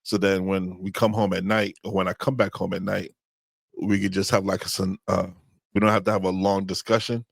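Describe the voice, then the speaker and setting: A man with a gravelly, rough-edged voice that sits a little low co-hosts a casual marriage podcast. He talks loosely and conversationally, repeating words as he works through his points. The sound is close and dry. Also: little pitch movement, fairly quick, no echo. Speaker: podcast co-host.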